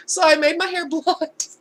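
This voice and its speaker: A woman talking candidly in a casual storytime vlog, conversational and heartfelt. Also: very high voice. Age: adult. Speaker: vlogger.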